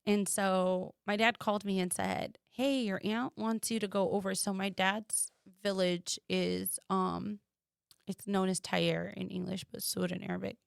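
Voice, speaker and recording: A woman from the United States telling a personal story as a podcast guest, animated and quoting others in lively voices. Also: medium pitch, a little slow, gravelly, clean tone, no echo, clean studio sound.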